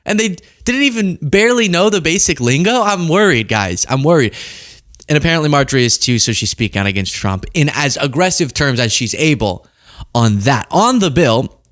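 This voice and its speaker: A man's voice: a little high, expressive, moderate pace, fairly bright tone. A young man hosting political commentary, talking casually with sarcastic, jokey asides.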